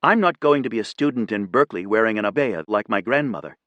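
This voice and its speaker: A man voicing a determined young woman student, quiet yet firm, in a low, dry storybook read. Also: expressive, quick pace, dry recording, lo-fi sound.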